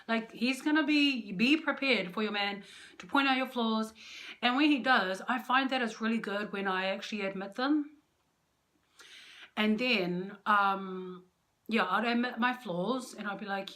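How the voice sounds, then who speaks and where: This young woman vlogger talks to camera about her marriage, giving casual, unscripted advice. Her medium-pitched voice is a little slow and fairly bright. She comes across as candid and playful, often poking fun at her own flaws.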